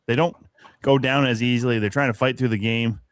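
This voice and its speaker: A man's voice: medium pitch, steady tone, a little fast, clear, resonant tone, no echo. Man, podcast co-host, rants and swears freely, laughs a lot, dry mic. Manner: profane, ranting, laughs often. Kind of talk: casual sports chat.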